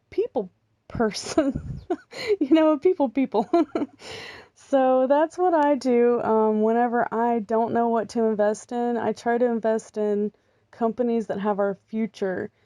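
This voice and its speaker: Speaking a little high with a dark tone, this vlogger is a middle-aged American woman making casual, meandering conversation dotted with ums and little laughs. The recording is dry.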